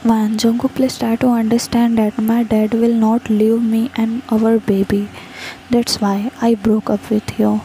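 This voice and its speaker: A woman voicing a pleading young mother in a fan fiction story reading, with a flat, even delivery. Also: a little high, measured pace, slight background noise, poor audio.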